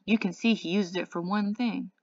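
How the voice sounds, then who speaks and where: A protective older brother lays down the rules in a firm, lecturing tone, as a woman reads him aloud. The voice sits a touch higher and louder than plain narration. The sound is dry and slightly dull. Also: steady tone, normal speed, dry recording, lightly acted. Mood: teasing. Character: Darry, bossy protective teenage big brother.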